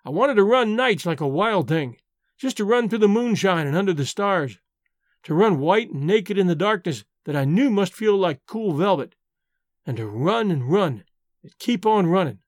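A wistful, dreamy frontier woman who speaks in folksy backwoods turns of phrase, read by a man. The voice is fairly high and recorded dry and close. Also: expressive, normal speed, dry recording. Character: wistful frontier-born woman, tribe leader, poetic dreamer. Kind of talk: audiobook reading.

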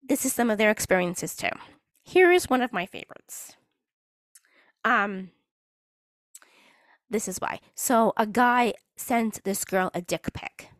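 A woman's voice: medium pitch, expressive, takes it slowly, pauses often, no echo, clean studio sound. A woman hosting her own podcast, talking in a chatty, rambling way and often stopping mid-sentence to restart. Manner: chatty, rambling, self-interrupting. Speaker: podcast host. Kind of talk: casual solo podcast monologue.

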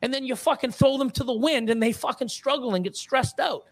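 Guesting on a casual podcast, a middle-aged reptile breeder speaks in a very high-pitched voice at a brisk pace. His rant is heated, angry and full of profanity, with constant restarts and repeated words.

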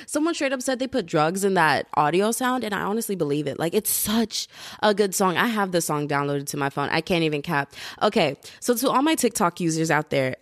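A woman's voice: lowish voice, no echo, studio quality. A young woman hosting a podcast alone, chatting casually in slang, hyping up her listeners and giggling as she rambles. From United States. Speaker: podcast host. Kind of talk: casual solo podcast chat.

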